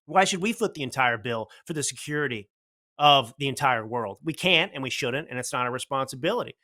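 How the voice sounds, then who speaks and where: A man hosts a political commentary talk show in a bright, forceful voice. He is blunt and combative. He fires off rhetorical questions. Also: medium pitch, expressive, brisk. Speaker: show host.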